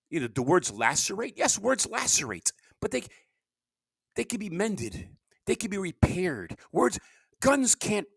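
Rambling self-deprecating man, lively pitch. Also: dry recording, clean studio sound. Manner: rambling, self-deprecating, veers between loud bursts and low mutters. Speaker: amateur podcast host. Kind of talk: rambling solo monologue. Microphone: home podcast mic.

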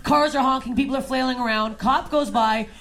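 A woman from Canada performing a stand-up set on a club stage, deadpan and swinging between low mutters and loud outbursts. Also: a little fast, vocal fry. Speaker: stand-up comic.

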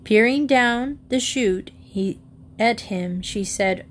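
Woman narrator, children's book read-aloud, slow and animated, faint hiss behind. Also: a little high. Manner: expressive, lively storytelling.

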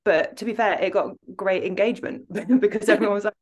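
A woman's voice: mid-range voice, quick pace, few pauses, a little mellow. A woman co-hosting a coaching podcast, speaking candidly and laughing easily. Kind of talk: casual podcast chat.

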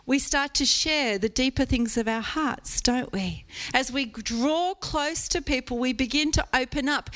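A woman preaching a sermon in a conversational, playful way, often asking rhetorical questions. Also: on the high side.

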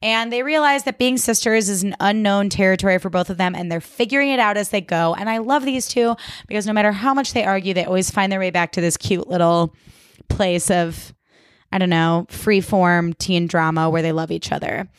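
A woman's voice: medium pitch, brisk, smooth, no echo, studio quality. A woman hosting a podcast, recapping a TV episode in casual chat, swearing freely and saying "like" a lot. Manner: chatty, swears freely, lots of "like". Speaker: podcast host.

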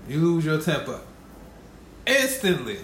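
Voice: medium pitch, very animated, a little slow, a bit bright. A person in casual conversation who teases, argues back, and cuts in to make their point. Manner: teasing, argumentative, interrupts. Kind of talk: casual chat. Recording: echoey room with faint background noise.

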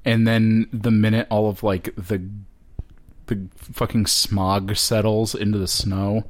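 A man's voice: lowish voice, level tone, slow. A man co-hosting a podcast in casual chat, dry and sarcastic. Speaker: podcast co-host.

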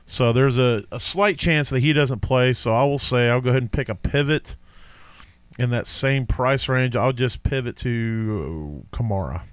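A man's voice: mid-range voice, normal speed, clean tone, no echo. Rambling man on a fantasy football podcast. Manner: rambling, with many fillers and self-corrections. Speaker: podcast co-host. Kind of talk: casual fantasy football chat.

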